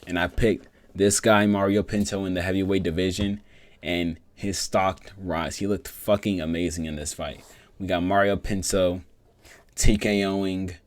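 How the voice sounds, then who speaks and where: Young dude with a real low voice ranting about fights, swears a lot, dry close mic. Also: male voice, no room sound. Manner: profane, rambling, excitable. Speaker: MMA vlogger. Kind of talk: casual fight breakdown.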